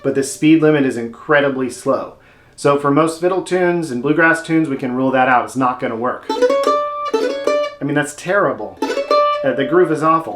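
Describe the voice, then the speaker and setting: A male mandolin teacher walks through picking options in a friendly, step-by-step way, tossing in playful asides. His voice sits in a roomy, echoing space, and loud mandolin playing rings out around his talk. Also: mid-range voice. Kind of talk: instructional video lesson.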